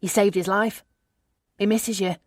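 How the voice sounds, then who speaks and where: A woman's voice: medium pitch, fairly even intonation, a little slow, no room sound, clean studio sound, natural voice. A woman narrator voicing a frank, friendly younger woman who speaks encouragingly.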